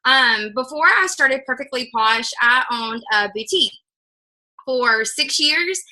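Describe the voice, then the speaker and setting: A woman shares her sales tips on a video call, pausing often and filling gaps with ums. Her voice is high and very bright, and her pace is unhurried. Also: lively intonation, rough recording. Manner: slow, hesitant, many fillers. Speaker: guest speaker, sales team leader. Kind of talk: casual presentation.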